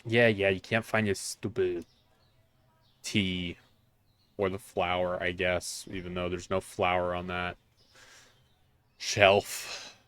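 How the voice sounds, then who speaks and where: A man's voice: deep voice, flat delivery, takes it slowly, pauses often, a bit bright, no room sound. Rambling, self-mocking male game streamer. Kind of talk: casual let's-play commentary.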